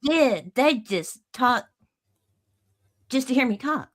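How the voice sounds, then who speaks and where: A woman's voice: high voice, expressive, takes it slowly, no room sound, studio quality. Chatty Southern-accented woman from Texas. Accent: Southern American. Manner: chatty storyteller, folksy phrases. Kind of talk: casual chat.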